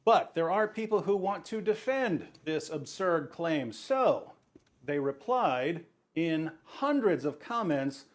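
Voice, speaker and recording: Male video narrator, somewhat high voice, explanatory. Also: lively intonation, slow.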